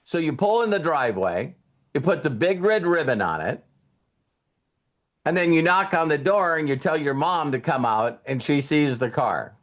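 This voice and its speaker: A man's voice: fairly high pitch, sing-song, moderate pace. A man giving a casual motivational talk, telling a story and retelling conversations with repeated words and restarts. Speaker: motivational speaker.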